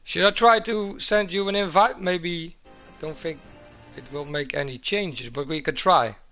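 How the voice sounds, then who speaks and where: Male streamer, high-pitched, halting and repetitive, casual chat. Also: bright, forceful tone, soft background music. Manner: halting, repeats words, says man a lot.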